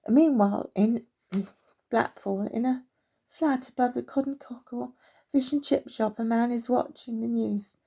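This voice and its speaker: A woman, gently reading a children's story aloud. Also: on the high side, measured pace, vocal fry, husky.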